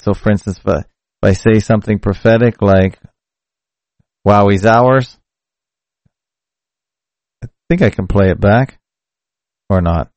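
Low-voiced man hosting a rambling stream. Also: a little mellow, no room sound. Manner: rambling, conversational, self-correcting. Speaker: podcast host. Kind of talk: casual solo live-stream talk. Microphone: mic through a hardware audio box.

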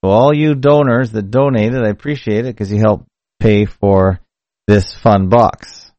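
A man's voice: on the low side, a little slow, dry recording, highs cut off. A man hosting a casual solo live stream, talking in a rambling, conversational way and often correcting himself mid-sentence. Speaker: podcast host. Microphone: mic through a hardware audio box.

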